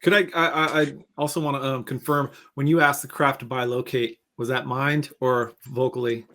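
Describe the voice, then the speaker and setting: A man's voice: mid-range voice, flat delivery, moderate pace, bright, forceful tone. A man interviewing a guest, asking questions in a slightly hesitant, stumbling way.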